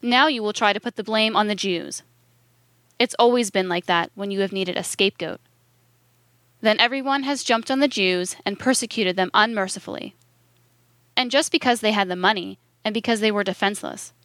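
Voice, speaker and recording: A stern older man lectures a friend with hard, emphatic words, as a woman reads his part. The voice stays mid-pitched and sounds dry and close. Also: normal speed, fairly bright tone, no echo, lightly acted. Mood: lecturing. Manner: emphatic, declaiming.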